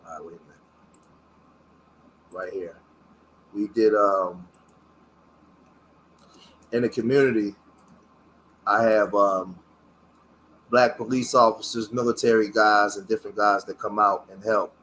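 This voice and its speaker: A middle-aged man, a community activist, talks casually on his own livestream, halting and searching for words with many fillers, earnest about his past. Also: on the low side, fairly even intonation, fairly bright tone, a little hiss or hum. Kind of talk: casual livestream talk while showing photos.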